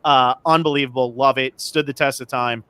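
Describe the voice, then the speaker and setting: A man's voice: medium pitch, steady tone, fairly quick, pushed and bright, clean tone. Gushing man on a casual podcast. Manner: enthusiastic, gushing, joking. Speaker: podcast co-host. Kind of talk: casual chat.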